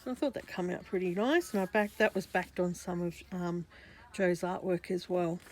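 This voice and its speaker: A woman's voice: lowish voice, fairly even intonation, moderate pace. A woman with an Australian accent, chatting casually through a craft journal flip-through, meandering and often correcting herself. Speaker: craft vlogger.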